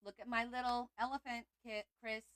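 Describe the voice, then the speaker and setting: A woman's voice: fairly high pitch, level tone, a little fast, a bit bright, clear, resonant tone, no echo, poor audio. A woman hosting a craft livestream, chatting casually and rambling as she talks to viewers.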